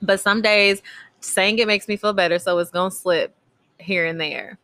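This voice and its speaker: A woman's voice: mid-range voice, fairly even intonation, normal speed, bright, forceful tone. A woman, chatting candidly as a podcast co-host and telling stories with a laugh. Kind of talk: casual chat.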